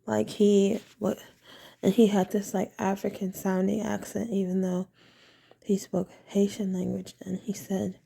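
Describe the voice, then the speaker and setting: Slow, gravelly-voiced woman telling a story. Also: mid-range voice, little pitch movement, warm tone. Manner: rambling, meandering, with frequent restarts. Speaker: vlogger. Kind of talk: casual personal storytelling. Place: her bedroom at home.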